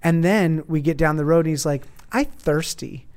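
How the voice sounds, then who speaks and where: A man's voice: on the high side, flat delivery, fairly quick, darkish tone, clear, resonant tone. A man in casual chat, telling a long story with many restarts and false starts.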